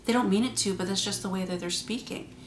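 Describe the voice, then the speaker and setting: A woman hosting her own vlog, talking straight to the viewer and shifting her pitch and loudness for emphasis. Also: fast, slight background noise. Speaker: channel host. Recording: roomy echo.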